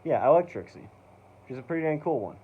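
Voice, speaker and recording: A man's voice: fairly high pitch, sing-song, fast talker, slightly rough. A man hosting a casual review vlog, rambling with lots of "like" and "um" as an eager fan. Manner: rambling, full of "like", "um" and "basically"; enthusiastic fan. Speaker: channel host. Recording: dull lo-fi recording.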